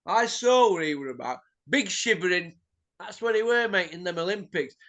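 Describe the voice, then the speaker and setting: A man's voice: high voice, expressive, normal speed, fairly bright tone. A middle-aged man, hosting a boxing show and ranting bluntly, swearing and tossing in tag questions. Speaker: boxing pundit host. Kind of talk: opinionated ranting chat.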